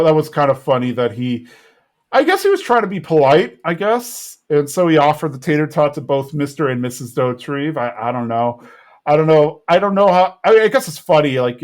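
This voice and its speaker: A man's voice: a little high, sing-song, moderate pace. A man co-hosting a podcast who casually recaps a cartoon episode, rambling with frequent restarts. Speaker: podcast co-host.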